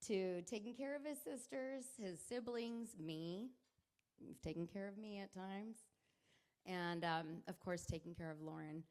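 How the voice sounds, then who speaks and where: Middle-aged woman giving a tearful wedding toast. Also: medium pitch. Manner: tearful, laughing through tears, rambling. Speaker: groom's mother giving a wedding speech. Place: wedding reception hall.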